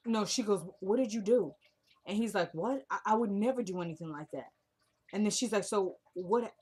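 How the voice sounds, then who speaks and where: A woman's voice: mid-range voice, a little mellow, husky. A young woman casually recapping a TV drama episode, retelling each scene by acting out the characters' lines.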